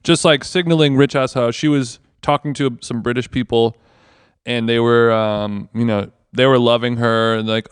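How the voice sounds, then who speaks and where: A man's voice: mid-range voice, steady tone, normal speed, smooth, dry recording, clean studio sound. A man co-hosting a podcast, rambling through a casual story and swearing freely. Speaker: podcast co-host. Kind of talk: casual chat. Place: basement of a villa.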